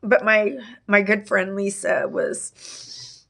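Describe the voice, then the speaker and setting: A middle-aged woman speaks slowly, her voice carrying a gravelly fry as she recounts a loss in an interview. She halts often, restarting phrases and trailing into fillers. Her pitch sits in an ordinary middle range. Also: fairly even intonation, a bit bright. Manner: halting, with many restarts and fillers. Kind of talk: emotional personal testimony.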